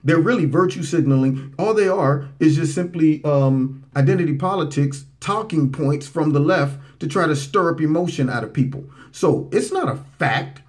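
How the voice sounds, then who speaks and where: A man hosting a political commentary show, talking back to played clips in a mocking, animated way. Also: moderate pace, hardly any pauses. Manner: animated, mocking, swoops into high voices for impressions.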